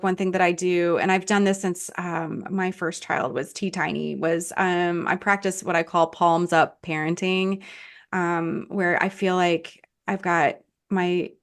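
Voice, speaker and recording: A middle-aged woman, an author guest on a podcast, talking casually with many fillers and frequent laughs. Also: lowish voice. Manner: warm, laughing, thinks aloud with many fillers.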